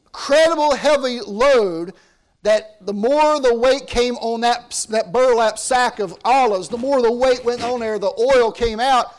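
A man preaching a sermon, earnest, rising to emphatic lines and sinking to hushed ones. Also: very high-pitched.

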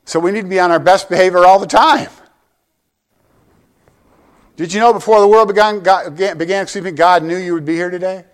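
A man's voice: high voice, steady tone, fairly quick, pauses often, clear, resonant tone. Older male pastor preaching. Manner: conversational preaching with humor and rhetorical questions. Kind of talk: sermon.

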